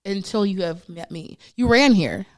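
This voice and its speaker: A woman's voice: mid-range voice, normal speed, darkish tone. A woman hosting a podcast in a studio, chatting casually with playful, dramatic hype and slang. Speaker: podcast host. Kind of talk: casual chat.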